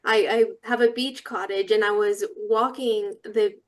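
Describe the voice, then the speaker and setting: A woman's voice: medium pitch, fairly even intonation, a little slow. A woman guest talking earnestly in a podcast interview, telling flowing reflective stories about her work and spirituality.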